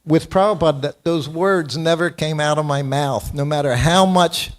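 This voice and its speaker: A man's voice: fairly high pitch, moderate pace. Older man telling stories with chuckles. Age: 70s. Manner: anecdotal, self-deprecating, chuckles often. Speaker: devotee speaker giving a morning class. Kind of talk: storytelling temple class. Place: temple hall.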